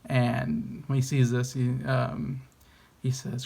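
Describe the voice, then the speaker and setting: A man's voice: mid-range voice, level tone, slow pace, vocal fry. A man giving a casual, enthusiastic movie review, hesitant and rambling with many ums and restarts.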